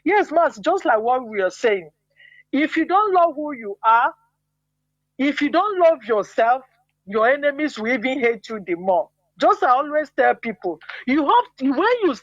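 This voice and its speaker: Nigerian woman caller, fervent storyteller, higher voice, dull call audio. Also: fairly bright tone, dry recording. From Igbo land, Nigeria. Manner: passionate, repetitive, talks in long run-on stories. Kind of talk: call-in radio commentary. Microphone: WhatsApp call.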